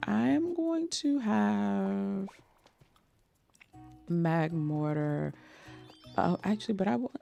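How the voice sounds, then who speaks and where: A woman with a deep, gravelly voice talks casually to her stream chat as she plays. She greets viewers by name and laughs often. Soft music plays quietly behind her. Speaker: game streamer.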